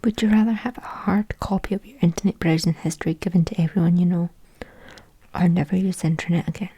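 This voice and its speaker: A young woman whispering a soft, musing ASMR ramble into a close microphone, thinking aloud with lots of fillers. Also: on the low side, steady tone, quick pace, breathy edge, dry recording. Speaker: ASMR creator.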